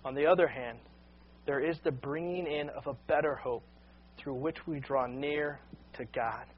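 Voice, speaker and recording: A man's voice: mid-range voice, moderate pace, muffled recording, a little hiss or hum. A man preaching a sermon, earnest and unscripted, often repeating words as he starts a sentence. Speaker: pastor.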